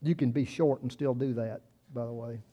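A man's voice: mid-range voice, steady tone, moderate pace, dark tone, muffled recording. A man preaching a sermon in a conversational way, often trailing off and restarting, then rising for emphasis. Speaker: pastor.

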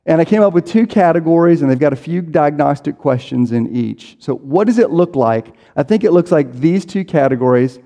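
A man's voice: a little high, lively intonation, a little fast, hardly any pauses, warm tone. A man preaching a sermon in a conversational way, acting out people's inner voices as he goes. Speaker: pastor. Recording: reverberant hall.

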